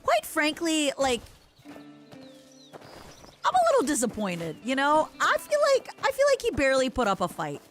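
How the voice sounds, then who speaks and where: A woman's voice: sits high, wildly swooping pitch, moderate pace, pauses often, fairly bright tone, faint music behind. A young woman streaming a game, chatting with her viewers in a playful, rambling way. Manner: playful, rambling, talks to chat. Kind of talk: casual live-stream gaming chatter.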